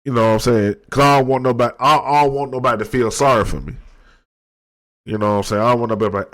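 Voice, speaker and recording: A man in his thirties talking slowly and candidly into the mic at his desk, reflective and low-key, with slang and many restarts. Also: fairly bright tone. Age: 30s. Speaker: podcast host. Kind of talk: candid personal monologue.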